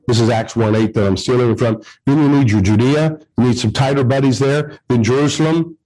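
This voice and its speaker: A man's voice: mid-range voice, mellow, rough recording. A man preaching a sermon to a group of men, emphatic and repetitive, speaking straight to his listeners. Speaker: pastor. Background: men's gathering.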